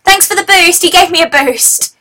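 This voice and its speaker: A woman hosting a casual let's-play, chatting and excitably yelling at the game. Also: very high voice, moderate pace, a little hiss or hum. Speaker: gaming channel host.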